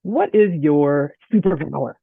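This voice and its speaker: A woman with a Southern US accent giving a chatty, animated online presentation, often checking in with "right?". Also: low-pitched, unhurried, vocal fry, husky, no room sound. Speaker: guest speaker. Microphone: video call. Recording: tinny phone-like audio, dry.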